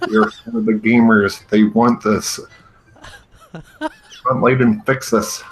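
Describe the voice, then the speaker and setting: A man's voice: fairly low pitch, flat delivery, slow, a little hiss or hum, low-quality recording. A man hosting a comedy show, ranting with sarcastic exasperation and laughing often. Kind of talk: comedic rant, parody commentary.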